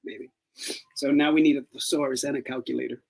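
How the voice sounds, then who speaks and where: A man's voice: medium pitch, brisk, creaky, husky, poor audio. A man co-hosting a podcast in casual chat, telling stories and slipping into playful voices. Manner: animated storytelling with playful put-on voices. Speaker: podcast co-host.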